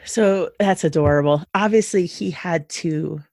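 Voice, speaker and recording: Middle-aged woman, casual interviewer, low voice, dry recording. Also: measured pace, a little mellow, no room sound.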